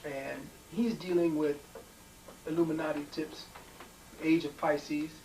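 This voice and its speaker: A man's voice: fairly high pitch, fairly even intonation, slow pace, warm tone. Emphatic male lecturer in an echoey room. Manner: emphatic and digressive, with frequent restarts and fillers. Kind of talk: lecture to a live audience. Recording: echoey room, distant mic, faint hiss.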